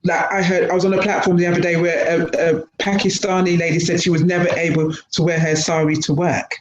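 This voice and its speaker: A woman's voice: on the low side, level tone, fairly quick. A middle-aged woman, a guest speaker on a webinar, talking earnestly and telling anecdotes over a video call. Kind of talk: webinar talk. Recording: roomy, dull video-call audio, faint noise.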